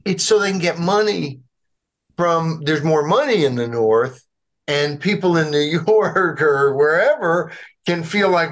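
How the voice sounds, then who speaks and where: A man's voice: on the high side, a little slow. A man with a slight Southern US accent co-hosting a casual political chat, rambling and restarting his phrases as he argues. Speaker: podcast co-host.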